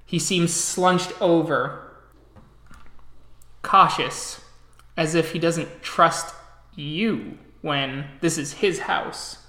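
A man's voice: fairly high pitch, very slow, pauses often, pushed and bright. Man narrating a tabletop game, echoey. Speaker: storyteller.

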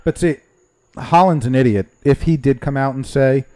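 A man's voice: medium pitch, normal speed, mellow, no echo. A man co-hosting a casual sports podcast, blunt, crude and opinionated. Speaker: podcast co-host.

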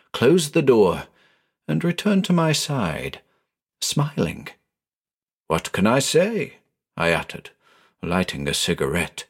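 A man giving a measured, dramatic reading of a first-person detective story. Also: fairly low pitch. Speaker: narrator. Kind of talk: storybook narration.

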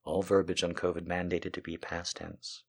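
A man's voice: low voice, completely flat delivery, moderate pace, husky. A man telling a story as a comedic monologue, a ranting, profane storyteller who makes sarcastic asides to the listener.

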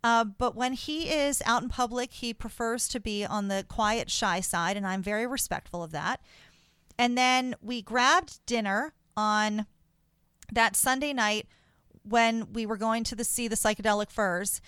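An excitable woman host gushes through her story in a fairly high voice. The sound is dry and close to the mic, with no room around it. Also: unhurried, clean tone, no room sound. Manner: gushing, excitable. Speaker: podcast host. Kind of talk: casual chat.

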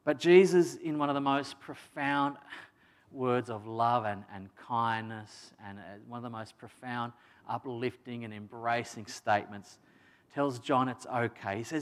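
A man's voice: medium pitch, a little slow. Male preacher, conversational sermon delivery, emphatic, mid-range voice. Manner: conversational, emphatic, with frequent restarts and asides.

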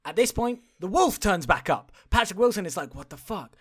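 Animated podcast host recapping a film. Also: male voice, high-pitched, brisk. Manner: animated, incredulous, swears and laughs while retelling. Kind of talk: casual chat recapping a film.

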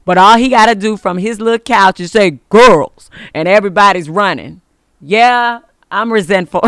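Woman podcast host, smooth and resonant, preacher-style encouragement, dry close mic. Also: fairly low pitch, a bit bright, no echo. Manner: emphatic, preacher-like, giving blessings. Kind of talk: inspirational faith podcast monologue.

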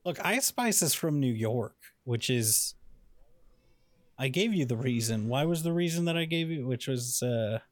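A man's voice: medium pitch, lively intonation, unhurried, no room sound. A man with a mid-range voice heard up close in a dead, dry room. He co-hosts a comedy chat, piling up restarts as he drives his points home with emphasis. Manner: emphatic, rambling storyteller with restarts. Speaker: podcast co-host.

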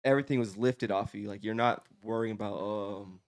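A young man in relaxed casual chat, halting and filling with "like". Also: lowish voice, no room sound. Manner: relaxed, halting, many likes.

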